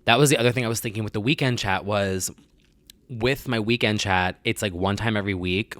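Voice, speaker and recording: Rambling, low-voiced young man. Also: brisk, fairly bright tone, dry recording. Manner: rambling, self-deprecating, heavy use of "like"; confessional and candid. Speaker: vlogger host. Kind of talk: casual chat to camera.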